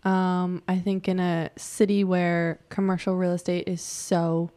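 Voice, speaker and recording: A woman's voice: fairly low pitch, flat delivery, unhurried, warm tone. A woman artist talking casually in an interview, reflective and rambling, with frequent fillers. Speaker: artist guest.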